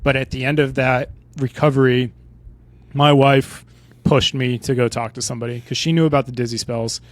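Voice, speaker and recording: An American man in his forties talks through his story on a podcast, conversational and loose, tagging sentences with "right?". His voice sits at an ordinary middle pitch. The recording is dry and close, with no room sound. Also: fairly even intonation, normal speed, no echo. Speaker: podcast guest, retired Army pilot. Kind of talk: casual interview storytelling.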